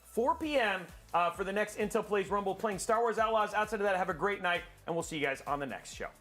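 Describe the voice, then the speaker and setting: A man's voice: high-pitched, lively intonation, fast, fairly bright tone, soft background music. A man hosting a gaming livestream, upbeat and promotional, joking between announcements. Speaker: show host.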